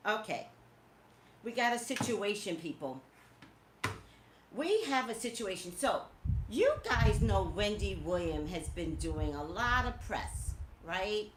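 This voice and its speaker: A woman hosting a casual live-stream talk show, gossiping in an animated way and talking straight to her viewers. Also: mid-range voice, slow. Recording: echoey room with faint noise.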